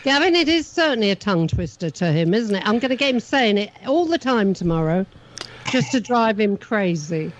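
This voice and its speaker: A woman's voice: mid-range voice, lively intonation, brisk. Woman radio host, teasing and chatty, dull lo-fi line, faint hiss. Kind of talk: casual radio banter.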